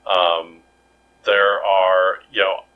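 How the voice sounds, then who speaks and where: A man's voice: low voice, little pitch movement, very slow, phone-quality sound. A man co-hosting a podcast in casual chat, rambling and jokey with many restarts. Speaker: podcast co-host.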